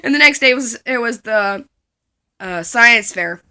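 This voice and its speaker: A woman's voice: on the high side, animated, measured pace, bright, forceful tone. A woman telling a comic story from her school days, rambling along and giggling at her own jokes.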